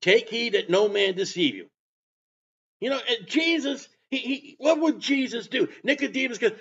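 A man preaching a sermon, emphatic, with bursts of loud delivery. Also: high voice, animated, normal speed, breathy edge. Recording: dull lo-fi sound.

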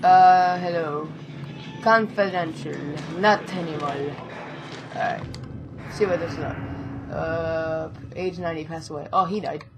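A woman's voice: lowish voice, takes it slowly, long pauses, music in the background. A woman hosting a horror game playthrough, joking and cursing, yelping at scares, her voice getting worn from screaming. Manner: jumpy, yelps and screams at scares; joking, swears a lot. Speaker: gaming video host. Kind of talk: let's-play commentary.

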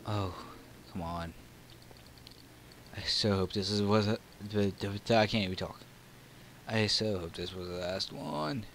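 Slow-talking Southern man gaming. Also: a little hiss or hum, poor audio. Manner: excitable, frustrated outbursts between low mutters. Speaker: gaming channel host. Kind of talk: let's play commentary.

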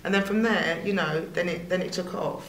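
A woman's voice: fairly low pitch, a little fast. Chatty woman comedian, echoey room. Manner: chatty, rambling with fillers, laughs often. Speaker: comedian guest. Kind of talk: casual interview chat.

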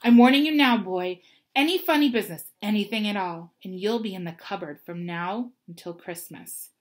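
A woman's voice: mid-range voice, expressive, normal speed, lightly acted. Woman doing a blustering, bullying uncle. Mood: threatening. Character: blustering, bullying heavyset middle-aged uncle. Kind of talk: storybook reading.

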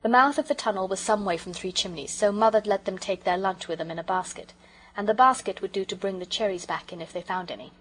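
A woman narrating a children's audiobook in a gentle, measured storytelling manner. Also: mid-range voice, slightly rough, low-quality recording.

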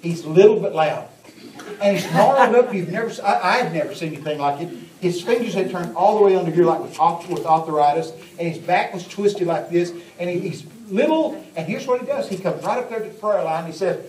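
A man preaching a sermon, telling folksy, lively anecdotes. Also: sits high, fairly quick. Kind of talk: storytelling sermon. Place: large church hall. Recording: echoey church from far off. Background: congregation.

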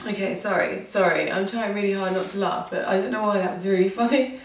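A woman's voice: mid-range voice, steady tone, fast, roomy sound, recorded from a distance, slight background noise. A woman co-hosting a casual chat at home, giggly and chatty. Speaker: co-host. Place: home room.

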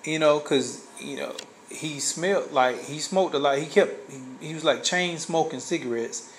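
A man's voice: fairly high pitch, moderate pace, a little hiss or hum, low-quality recording. A man casually telling a personal story, rambling with many fillers and restarts. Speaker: guest sharing a testimony.

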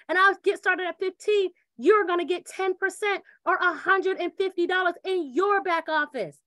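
A woman delivers a lively sales presentation in a very high, bright voice. The recording is dry and close. She acts out quick back-and-forth scenes and repeats her catchphrases. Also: no echo. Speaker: presenter pitching a referral program. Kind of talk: energetic sales pitch.

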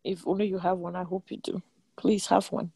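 A woman's voice: a little fast, creaky, breathy edge, dry recording. Emphatic woman preaching a sermon, dry close sound. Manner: animated, emphatic preaching with sudden pitch jumps and repeated lines.

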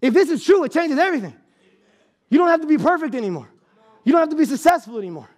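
A man preaching an impassioned sermon as a pastor, often shouting for emphasis and repeating words as he restarts phrases. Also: very high-pitched, big pitch swings, fast.

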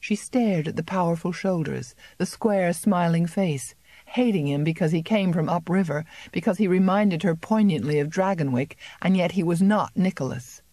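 A woman's voice: fairly low pitch, moderate pace, warm tone, no room sound. Woman reading a novel, dry and close. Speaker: audiobook narrator. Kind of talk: scripted narration.

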